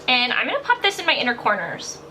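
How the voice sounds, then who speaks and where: A woman's voice: high-pitched, wildly swooping pitch, fast talker, sharp tone. A young woman doing a chatty makeup tutorial voiceover from her bathroom, gushing and rambling with lots of "like". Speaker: beauty vlogger. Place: home bathroom. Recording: faint fan hiss. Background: bathroom fan noise.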